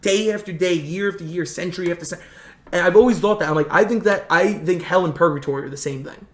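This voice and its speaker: A young man in casual chat, telling a long story in an animated way and acting out what others said. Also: sits high. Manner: animated, fast storyteller who acts out quotes. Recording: roomy echo.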